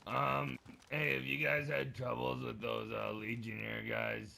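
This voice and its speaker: A man's voice: mid-range voice, monotone, a little slow, vocal fry, sharp tone. A man streaming a game, chatting casually with other players, joking, teasing and swearing freely.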